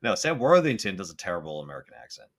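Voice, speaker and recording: A man's voice: sits low, big pitch swings, rapid-fire, a bit bright. A man co-hosting a casual comic-book podcast, joking and asking questions. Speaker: podcast co-host.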